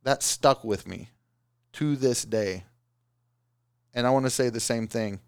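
Gravelly-voiced man giving business advice. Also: medium pitch, measured pace, no echo, clean studio sound. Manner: animated, does mocking voices of excuses. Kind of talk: casual motivational talk.

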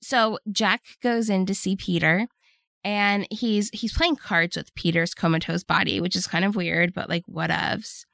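A woman's voice: medium pitch, fairly even intonation, a little slow, gravelly, fairly bright tone, dry recording, studio quality. A woman co-hosting a podcast, chatting casually and cracking jokes while recapping a movie. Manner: playful, joking asides. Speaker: podcast co-host.

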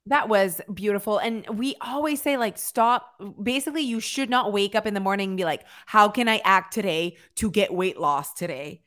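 A woman's voice: mid-range voice, moderate pace, few pauses, a bit bright. A woman co-hosting a podcast, chatting and affirming her guest's points. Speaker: podcast co-host. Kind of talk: casual podcast chat.

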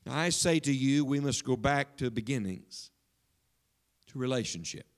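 A man preaching a sermon to his congregation in a church, emphatic and questioning, dropping suddenly to a hush. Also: mid-range voice, measured pace, clear, resonant tone. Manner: speaks directly to the congregation with questions. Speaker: pastor.

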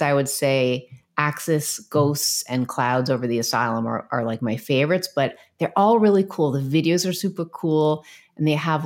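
A woman co-hosting a music podcast, chatting casually and gushing about songs she loves, with plenty of filler words. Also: rumbling low. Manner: bubbly, gushing, many fillers. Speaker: podcast co-host. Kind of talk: casual chat.

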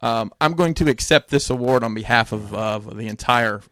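A man's voice: mid-range voice, moderate pace, a bit bright, no room sound, studio quality. A man in rambling casual podcast chat, swearing casually.

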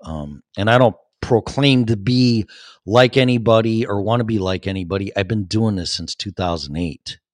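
A man's voice: on the low side, normal speed, dry recording, studio quality. A man in his fifties hosting his own podcast, chatting casually and rambling as he reads and answers live chat comments, with many fillers and restarts. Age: 50s. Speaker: podcast host.

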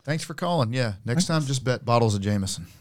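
A man's voice: mid-range voice, expressive, quick pace. A man co-hosting a casual basketball podcast, tossing in short wisecracks. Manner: wisecracking, brief quips. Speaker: podcast co-host.

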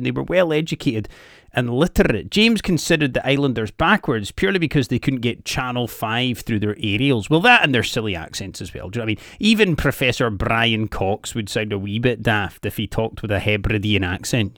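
A man's voice: medium pitch, expressive, a little fast, fairly bright tone, no echo, studio quality. Sardonic sweary Scottish man. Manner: sweary, sarcastic asides. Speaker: comedic history presenter. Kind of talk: sardonic history narration.

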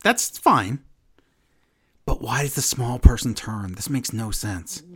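A man casually chatting as a podcast co-host, recapping wrestling in an animated way and acting out quotes. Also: mid-range voice, takes it slowly. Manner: animated recapping, acts out quotes in shifting voices. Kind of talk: casual chat.

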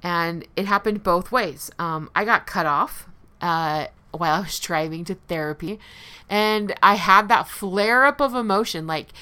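A woman with a slightly low, smooth and resonant voice speaks candidly to her listeners about recovery. She keeps it conversational and laughs lightly at herself now and then. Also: measured pace, sharp tone. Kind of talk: personal recovery talk to listeners.

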